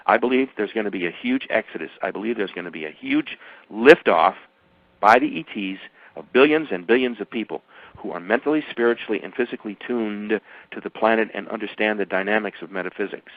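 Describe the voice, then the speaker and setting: An older man holding forth as a radio guest, emphatic and rambling, his voice leaping up in pitch and then dropping low. The sound is dry and close, with a dull, muffled top end, like an old radio broadcast. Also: fairly quick, dry recording. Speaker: author and guest. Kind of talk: radio interview.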